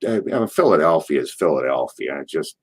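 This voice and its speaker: His rumbling low voice is expressive and brisk, with some breathiness to it. The speaker, a retired wrestler from Allentown, Pennsylvania, appears as a guest in an interview, spinning loose backstage anecdotes, cursing offhandedly and starting sentences over.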